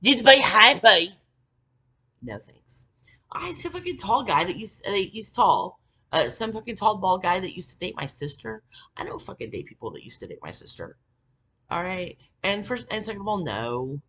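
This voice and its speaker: A woman's voice: mid-range voice, big pitch swings, normal speed, sharp tone, breathy edge. A middle-aged woman telling a story in a casual monologue, rambling and swearing, with lots of fillers and an indignant edge. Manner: rambling, profane, many fillers. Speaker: vlogger.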